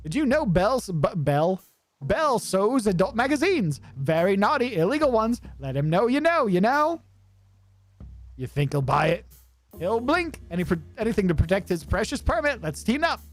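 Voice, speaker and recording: A man voicing an eager young male rodent street vendor, chirpy and scheming in a high voice. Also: very animated, moderate pace. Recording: faint music behind.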